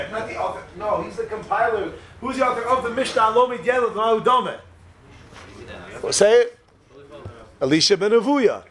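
Joking, chatty rabbi teaching a class. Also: male voice, high voice. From Israel. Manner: joking, chatty, asks the audience questions. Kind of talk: informal Torah class.

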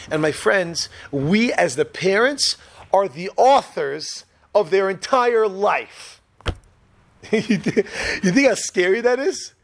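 A man's voice: high-pitched, slightly rough. A man giving an informal Torah class in a joking, chatty way, often putting questions to his listeners. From Israel. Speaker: rabbi teaching a class.

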